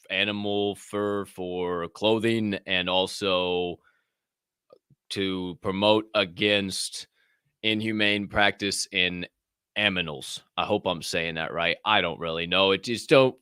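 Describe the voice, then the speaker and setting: A man's voice: lowish voice, smooth, no echo, clean studio sound. A young man hosting a live show, chatting casually, rambling and joking with frequent profanity. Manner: rambling, profane, jokey and excitable. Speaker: podcast host. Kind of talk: casual live-stream chat.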